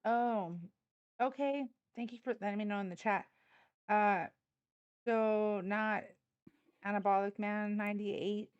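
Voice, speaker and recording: A woman's voice: mid-range voice, fairly even intonation, unhurried, pauses often, smooth, dry recording, dull audio. A tired woman from Texas with a Texan accent, hosting a casual political livestream in a blunt, outspoken, slangy way. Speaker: livestream host.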